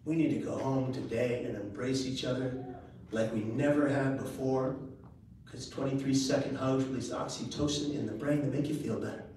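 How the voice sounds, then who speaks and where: A man giving a live motivational speech to a crowd, telling a personal story with earnest pauses and quick jokes, his voice rising high and loud at dramatic moments. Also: fairly even intonation, slight background noise. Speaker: public speaker. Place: large event room. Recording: echoey live room recorded from far off.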